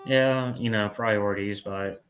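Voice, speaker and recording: A man's voice: lowish voice, fairly even intonation, measured pace, a bit bright, soft background music, rough recording. A man hosting a podcast in casual chat, rambling along, laughing easily and tacking "man" onto his sentences. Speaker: podcast host.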